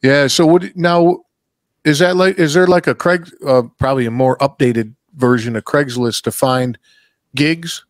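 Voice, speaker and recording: A man hosting a podcast in casual chat, a loud, animated storyteller who swears freely. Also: mid-range voice, unhurried, no room sound, studio quality. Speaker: podcast host.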